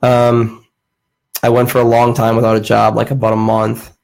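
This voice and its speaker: A man's voice: medium pitch, monotone, moderate pace, vocal fry, a little mellow, rough recording. A young man hosting a podcast, telling a long rambling story in casual, profane chat with plenty of fillers. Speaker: podcast host.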